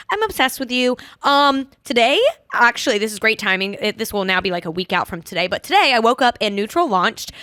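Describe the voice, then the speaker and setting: A woman's voice: a little high, sharp tone, no room sound, studio quality. A young woman hosting a podcast, chatty and self-mocking. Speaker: podcast host. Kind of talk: casual chat.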